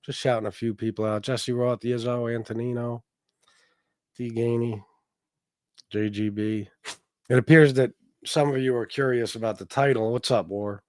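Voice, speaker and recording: A man's voice: mid-range voice, fairly even intonation, moderate pace, a little mellow, no echo, studio quality. A man hosting a casual livestream, rambling and swearing in a mock-heartbroken way while greeting chat members. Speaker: livestream host. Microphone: desk microphone.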